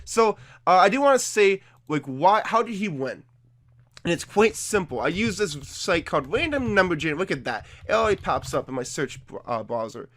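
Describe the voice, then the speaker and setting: Chatty young man, high-pitched voice. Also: sing-song, moderate pace, a bit bright. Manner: chatty and defensive, with laughs and fillers. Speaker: YouTuber. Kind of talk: casual commentary.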